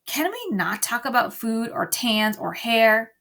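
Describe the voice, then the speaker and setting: A woman's voice: fairly high pitch, very animated, measured pace, a bit bright, full character voice. A woman voicing a flustered, snappish teenage boy in a read-aloud storybook.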